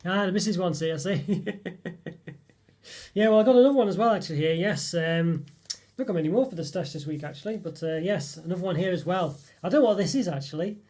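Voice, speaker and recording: A man in a relaxed live stream, talking casually to his viewers. His voice sits a bit high for a man, and he rambles with plenty of ums and little laughs as he goes. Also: fast. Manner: rambling, chatty, many fillers and laughs. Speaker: live stream host reviewing chocolate. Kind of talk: casual live chat reading viewer comments.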